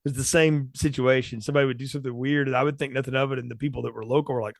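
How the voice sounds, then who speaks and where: A man co-hosting a film podcast, chatty and giggly, jumping up in pitch as he jokes. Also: fairly even intonation, racing, gravelly, no echo, studio quality. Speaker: podcast co-host. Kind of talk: casual chat.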